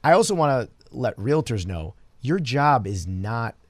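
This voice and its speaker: A man, a real estate broker, talking in a relaxed casual panel chat and telling stories. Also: medium pitch, a little slow, dry recording. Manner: storytelling, relaxed, repeats words.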